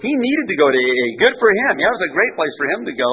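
Brief: self-deprecating man speaking at a recovery meeting, slightly high voice, dull recording. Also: very animated, quick pace. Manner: rambling, self-mocking, restarts, chuckles. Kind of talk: personal recovery story. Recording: muffled, faint hiss.

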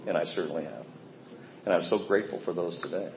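Deep-voiced man sharing his recovery story. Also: fast talker, vocal fry. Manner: candid, plainspoken, self-deprecating. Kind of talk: personal recovery testimony. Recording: echoey, dull sound with faint ambient noise.

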